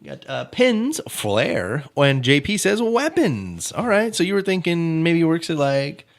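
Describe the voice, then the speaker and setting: A man's voice: a little high, sing-song, unhurried, vocal fry. A man hosting a true-crime comedy podcast, joking casually and laughing often. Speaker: podcast host.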